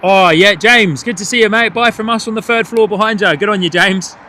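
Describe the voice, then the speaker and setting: A man hosting a live plane-spotting stream from a hotel above the runway, excitedly calling out departures and greeting viewers. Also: sits high, brisk, a little hiss or hum. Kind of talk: live commentary. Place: hotel third floor overlooking an airport runway.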